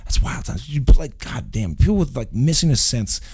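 A man's voice: mid-range voice, big pitch swings, moderate pace, creaky, a little mellow, breathy edge. Profane, easygoing man chatting. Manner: swears constantly, says "dude" often. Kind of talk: casual chat.

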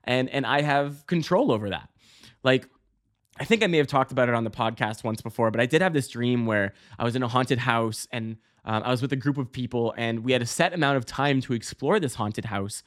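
A man hosting a podcast, telling a story casually with lots of fillers, restarts and swearing, breaking into loud high yelps. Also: brisk. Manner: bursts into loud high-pitched exclamations when acting out scenes. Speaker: podcast host.

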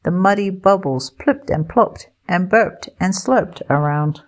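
Slow, low-voiced woman reading a storybook. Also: lively intonation. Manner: slow, clear and gentle for learners. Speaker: storyteller for English learners. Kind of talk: read-aloud picture book narration.

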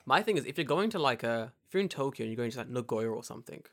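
A man's voice: mid-range voice, rapid-fire. A man from England with a London accent, casually telling travel stories and acting out the people in them. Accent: London English. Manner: animated, acts out dialogue, swears freely. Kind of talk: casual storytelling chat.

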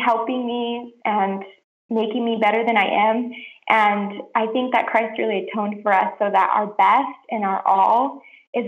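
A young woman, a podcast guest, sharing a heartfelt personal testimony in an earnest, soft-spoken way with lots of "like" fillers. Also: a little high. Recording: roomy, dull lo-fi podcast audio.

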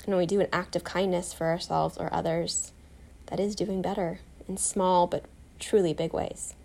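A woman guiding a self-compassion meditation, soft, calm and encouraging, telling a short personal story. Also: on the low side, moderate pace, gravelly. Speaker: meditation guide.

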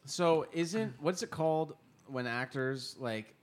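A man's voice: fairly high pitch, slow pace, a little hiss or hum. A young man co-hosting a casual podcast, rambling through long stories. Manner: rambling, meandering explanations. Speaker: podcast co-host.

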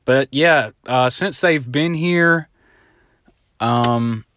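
A man's voice: mid-range voice, extremely slow, a bit bright, slight background noise. A man in his thirties hosting a casual solo podcast, telling stories in a rambling way, swearing freely and acting out other people's lines in quotes. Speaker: podcast host. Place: home, now living in Southern California.

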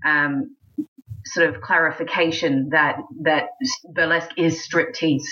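Woman in her forties, from Australia, low pitch, chatty restarting storyteller, dull lo-fi recording. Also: unhurried. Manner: chatty, lively storyteller, many restarts, acts out quotes. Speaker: burlesque singer and host, interview guest. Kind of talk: casual interview storytelling.

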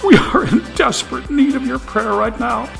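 A man's voice: a little high, moderate pace, fairly bright tone, faint music behind, voice pushed up, lightly acted. A man voicing a tearful male TV preacher who pleads fervently with his flock. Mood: pleading. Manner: preachy, rising fervor, pleading.

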